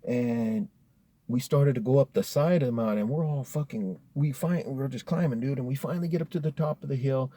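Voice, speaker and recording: A man's voice: mid-range voice, quick pace, hardly any pauses, warm tone, dry recording. A man telling a spooky story in a casual, profane, laid-back way, dropping "dude" often.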